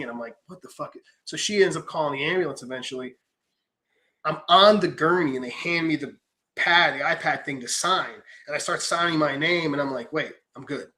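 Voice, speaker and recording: Fast, bright-voiced man telling stories. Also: a little high. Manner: animated storyteller, swears freely, acts out quotes. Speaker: podcast host. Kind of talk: casual chat.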